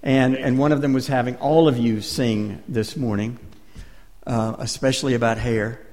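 A male minister leading a sermon dialogue in a halting, reflective way, with many fillers. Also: medium pitch, fairly even intonation, a little mellow, big-room sound, a little hiss or hum. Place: church sanctuary.

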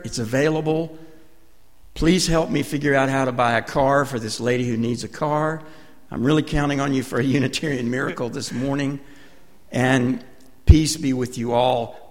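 A male minister leading a sermon dialogue in a halting, reflective way, with many fillers. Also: medium pitch, in a large hall. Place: church sanctuary.

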